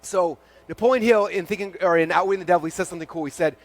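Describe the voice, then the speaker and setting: Fast-talking man telling stories on stage. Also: sits high. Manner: animated, acts out dialogue in quick quotes, frequent "like". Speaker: conference keynote speaker. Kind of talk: energetic stage storytelling. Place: large event stage before a live audience.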